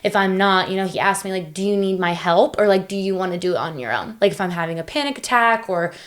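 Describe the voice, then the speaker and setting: A woman's voice: mid-range voice, fast talker. Chatty young woman, rambling and open. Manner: chatty, many fillers and restarts. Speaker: podcast guest. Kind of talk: casual conversational interview.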